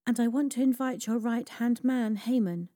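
A woman's voice: on the high side, moderate pace, warm tone, voice pushed up, close to an everyday voice. A woman voicing a brave, earnest young queen in a storybook reading, speaking in a pleading tone.

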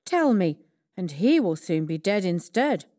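A woman voicing an impulsive, loud-tempered king in a storybook reading, booming and demanding. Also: sing-song, fairly quick.

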